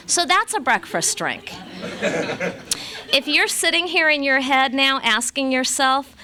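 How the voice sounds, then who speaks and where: A woman's voice: high-pitched, animated, slow, bright, forceful tone, slight background noise. A woman from Los Angeles telling her own story as a recovery meeting speaker, with wry, self-mocking humor. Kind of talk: personal storytelling talk to a live audience.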